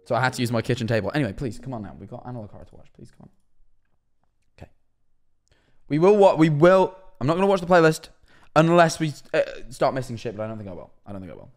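A young man chatting on a live stream from his kitchen, telling a rambling, animated story and answering chat. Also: medium pitch, fast talker. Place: kitchen at home.

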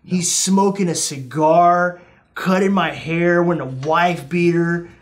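A young man speaks slowly in a fairly high pitch as he hosts a relaxed podcast. He tells amusing stories, dramatizing how he reacted with sudden jumps in his voice.

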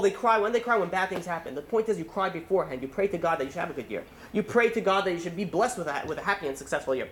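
Fast, rambling man giving a sermon. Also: fairly high pitch, expressive, a bit bright. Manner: fast, rambling storyteller with many restarts and fillers. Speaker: rabbi. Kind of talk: holiday sermon with a story.

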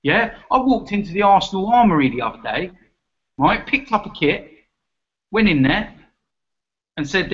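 A man's voice: high-pitched, animated, normal speed, pauses often, fairly bright tone. Ranting, mocking man. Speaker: football fan debater. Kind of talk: heated debate banter. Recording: muffled lo-fi audio.

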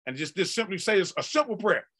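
A male pastor delivering a sermon in folksy, conversational talk that breaks into shouted peaks and drawn-out emphasis. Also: high-pitched, sing-song, slightly rough.

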